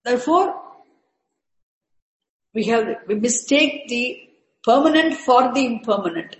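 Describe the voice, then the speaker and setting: A woman giving a spiritual lecture, slowly repeating terms and breaking Sanskrit words into parts. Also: on the high side, animated, reverberant, poor audio. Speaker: teacher of Sanskrit scripture. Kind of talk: slow, repetitive spiritual lecture.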